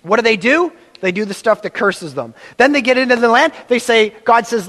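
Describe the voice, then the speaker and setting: A man preaching a sermon, telling a personal story with animated delivery and acted-out quotes. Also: extremely high pitch, brisk, hardly any pauses, in a large hall.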